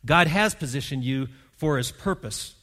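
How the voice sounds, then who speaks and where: A man preaching a sermon as pastor, telling a Bible story and voicing its characters, rising to loud emphasis. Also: mid-range voice, expressive, normal speed.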